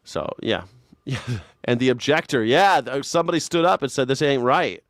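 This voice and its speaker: A man's voice: mid-range voice, animated, normal speed, no room sound. Guy hosting a live news reaction stream, sarcastic and crude, dry close sound. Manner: sarcastic, crude and mocking, slips into exaggerated mimicking voices. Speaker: news reaction show host.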